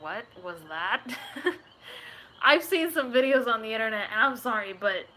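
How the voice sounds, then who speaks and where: Bright-voiced chatty woman. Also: a little high, animated, normal speed, slight background noise. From Puerto Rico. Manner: chatty, rambling, giggly. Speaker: gaming YouTuber. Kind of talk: casual chat answering viewer questions.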